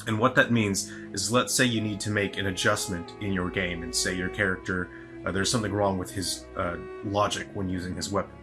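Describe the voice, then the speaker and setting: A man's voice: deep voice, fairly even intonation, fairly quick, music in the background. A man giving a rambling, casual video update as a solo game developer, sounding tired, with many fillers and restarts.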